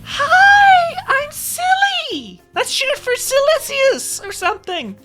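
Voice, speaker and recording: A woman voicing Silly, a cheerful, childlike female creature who chirps in a high, bubbly voice. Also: very animated, slow pace, over loud music, full character voice. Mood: gushing. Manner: squealing, high-pitched and bubbly.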